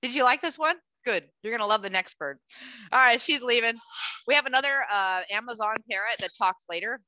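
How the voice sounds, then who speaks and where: A woman hosting a live educational bird show for children, chatty and animated, cooing at the bird and talking to the audience. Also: on the high side, fairly quick, dry recording. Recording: dull lo-fi dry sound.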